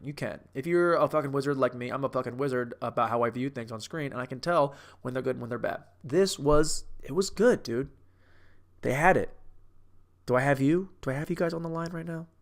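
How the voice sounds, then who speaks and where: A man in his thirties giving a brash, profane and rambling comedic movie review. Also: mid-range voice. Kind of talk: casual comedic rant.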